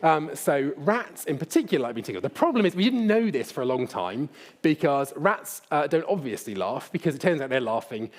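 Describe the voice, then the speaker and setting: Lively man giving a public lecture. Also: a little high, a little fast. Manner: lively, conversational, addresses the audience directly. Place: lecture hall.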